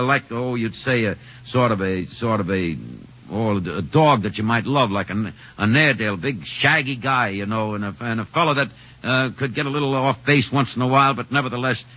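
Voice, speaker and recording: This middle-aged man, once a ballplayer and now a sportscaster, spins old stories folksily during an interview, full of "uh" fillers and acting out the voices he quotes. He has a bright, forceful, mid-range voice, captured on a dull, lo-fi old radio recording.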